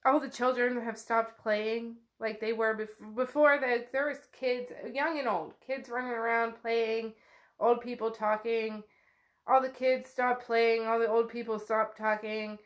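A woman with a slightly higher voice retells a novel's chapters in a loose, chatty way. She swears freely and leans on "like" constantly, like a friend catching you up on the story. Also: fairly even intonation, measured pace. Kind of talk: casual book recap.

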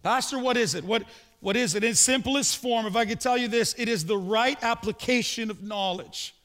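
A man preaching a sermon in a big hall, his very high voice trailing off into long reverb. He talks to the congregation in a conversational way, throwing in rhetorical questions and quick personal anecdotes. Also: a bit bright. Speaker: pastor.

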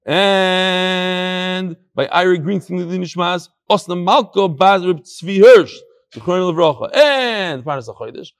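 A man leading a Talmud class, giving lively announcements and calling people up, his talk peppered with Yiddish and Hebrew terms. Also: sits high, unhurried, no room sound, studio quality.

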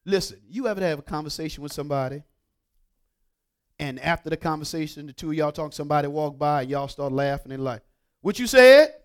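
Male preacher, high voice, call-and-response sermon delivery, hushed-to-emphatic. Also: fairly even intonation, fast talker. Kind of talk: sermon with scripture reading.

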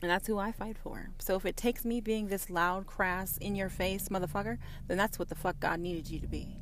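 A woman's voice: medium pitch, fairly even intonation, moderate pace, a little hiss or hum. Defiant, swearing woman podcaster. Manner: profane, defiant, preachy, shifts from quiet to loud. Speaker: podcast host. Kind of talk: podcast monologue.

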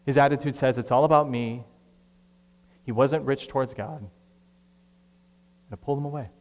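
Animated pastor in an echoey hall. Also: male voice, mid-range voice, unhurried. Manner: conversational, animated, acts out quoted voices. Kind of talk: sermon.

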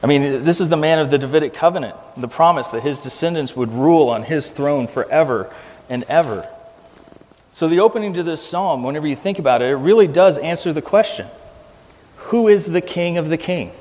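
A man's voice: on the high side, expressive, a little fast, a little mellow. A man preaching a sermon as pastor, earnest and emphatic, often repeating key phrases for weight. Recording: long hall reverb.

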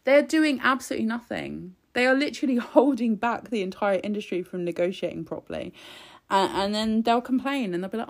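A woman's voice: medium pitch, sing-song, moderate pace, creaky. A young woman giving casual political commentary in a sarcastic, exasperated way, with frequent swearing.

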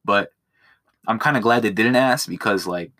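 Recorded on a phone in his bedroom, a young podcast host rambles solo, swearing heavily and cracking crude, self-mocking jokes. His voice sits on the low side with a sharp edge, and he talks at an ordinary pace.

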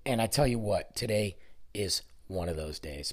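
Stuffed up and nasal from sickness, a man hosts his podcast alone, rambling and grumbling with self-deprecating humor. His voice is on the low side, slightly rough and sing-song, and he talks briskly.

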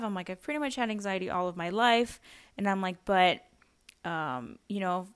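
A woman's voice: mid-range voice, expressive, normal speed, a bit bright, smooth. A young adult woman hosting a podcast, telling a personal story in a chatty way, with lots of fillers and little laughs. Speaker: podcast host.

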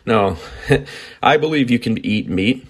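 A man's voice: medium pitch, animated, slow pace, slightly rough. A man hosting a podcast in a rambling, chatty style, often correcting himself mid-sentence. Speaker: podcast host. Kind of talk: casual chat.

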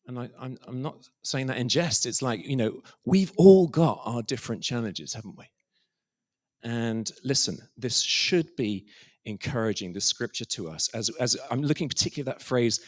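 A middle-aged man preaching a sermon, telling stories with quiet asides. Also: medium pitch. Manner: storytelling, quiet asides and soft whispered quotes.

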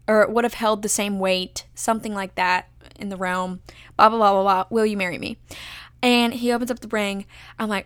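Young woman, slightly high voice, chatty and gushing, storytelling vlog, dry close sound. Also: dry recording. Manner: gushing, animated, full of "like" and "oh my gosh". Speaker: vlogger telling her proposal story. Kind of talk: casual storytelling.

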